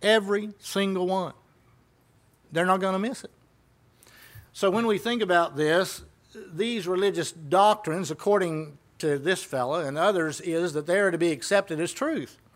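A man's voice: sits high, normal speed. A man preaching a sermon in a conversational way, retelling conversations and asking the congregation rhetorical questions.

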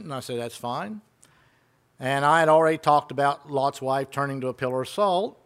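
Male preacher, somewhat high voice, chatty sermon full of questions to the flock. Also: fairly quick, a bit bright, clean tone. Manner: conversational, retells exchanges and asks rhetorical questions.

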